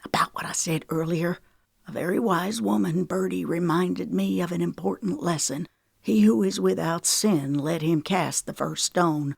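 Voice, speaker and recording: A woman reading the part of a gruff older man, a former soldier, in a hushed, grumbling way. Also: on the low side, moderate pace, no room sound, studio quality, exaggerated voice. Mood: hushed earnest.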